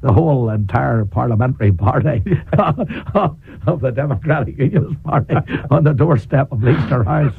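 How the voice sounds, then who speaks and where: A Northern Irish man, a politician and preacher, giving a forthright, deliberate radio interview with frequent chuckles. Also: medium pitch, expressive, gravelly, husky, no room sound. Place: radio studio. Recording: dry tinny 1980s radio broadcast.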